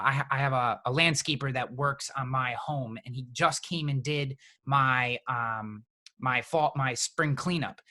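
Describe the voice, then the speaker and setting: A middle-aged man, an insurance agent, explaining things in a casual, halting way with many restarts. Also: on the high side, pushed and bright.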